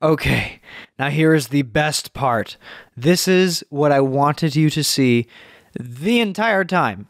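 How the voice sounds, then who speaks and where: A man commenting on a TV clip at home, sarcastic and profane, jumping into high mocking voices. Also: expressive, slow, dry recording, clean studio sound. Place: home room. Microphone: home mic being tested.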